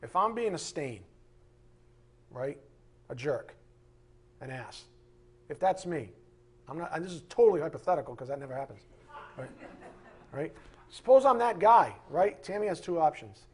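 Husky, higher-pitched middle-aged male preacher; emphatic and rhetorical, swinging loud to soft. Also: sing-song, moderate pace, long pauses. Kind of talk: sermon.

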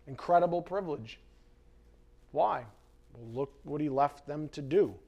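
A man preaching a sermon as pastor, impassioned, with sarcastic asides to the congregation. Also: on the high side. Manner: impassioned, swings from quiet to loud.

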